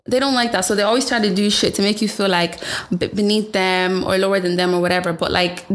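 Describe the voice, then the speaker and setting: A woman's voice: medium pitch, steady tone, quick pace. A young woman from Ireland in casual chat, talking bluntly and frankly.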